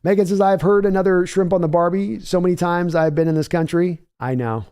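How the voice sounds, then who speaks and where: A man hosts a live game reaction stream with a slightly higher pitch and a mellow, soft tone. He rambles through opinionated analysis and stops to read viewer chat aloud, answering each comment in a casual, conversational way. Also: fairly even intonation, brisk, clean tone. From United States. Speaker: livestream host.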